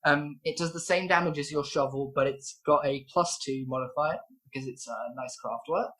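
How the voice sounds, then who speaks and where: A woman's voice: low-pitched, moderate pace, fairly bright tone. A woman narrating as game master, rambling with fillers and giggles.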